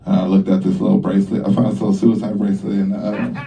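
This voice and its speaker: A young male stand-up comic on a club stage, talking brash and profane. He has a dark, mellow tone and acts out his stories with sudden high jumps in pitch. He sounds set back from the mic. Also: flat delivery, very fast, creaky, far from the mic, muffled recording. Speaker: stand-up comedian. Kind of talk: stand-up routine.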